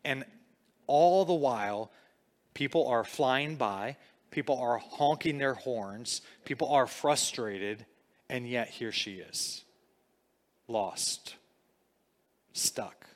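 A middle-aged man preaches in an easy, talkative way, spinning a story for his congregation. His voice sits at an ordinary pitch. He climbs and falls as he tells it. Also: slow pace. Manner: storytelling, conversational, with lively swings in pitch and loudness. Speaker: pastor. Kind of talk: sermon.

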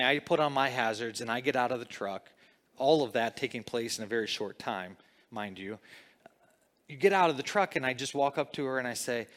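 Middle-aged man preaching through a story. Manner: storytelling, conversational, with lively swings in pitch and loudness. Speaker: pastor. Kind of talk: sermon.

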